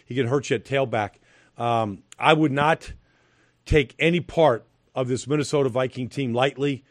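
A man's voice: mid-range voice, moderate pace, dry recording. A middle-aged man giving football analysis as a studio guest, talking emphatically with repeated phrases and fillers. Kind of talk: studio sports analysis chat.

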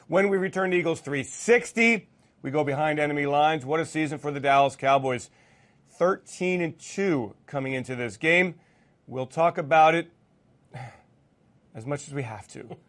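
A man hosting a sports talk show, brisk and wry, stretching words out for emphasis. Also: fairly high pitch. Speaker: show host.

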